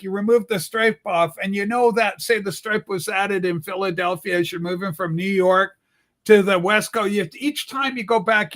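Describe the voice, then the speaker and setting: A man's voice: sits high, a bit bright. A man from Canada, co-host on a political livestream, rambling through stories and acting out the people in them, with some swearing. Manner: rambling storyteller, acts out quoted people, swears. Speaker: political talk show co-host. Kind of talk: casual political livestream chat. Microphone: livestream call mic.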